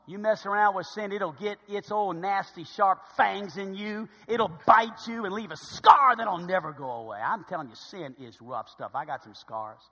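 Brief: male preacher, very high and bright, passionate sermon that drops to a hush and rises loud, long hall reverb. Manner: impassioned, swinging between hushed and loud. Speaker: pastor. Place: church sanctuary.

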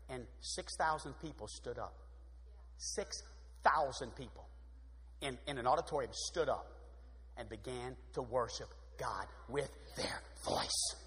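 A man preaching a sermon in an energetic, exuberant way, with sudden swings in pitch. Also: slight background noise. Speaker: pastor. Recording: long hall reverb.

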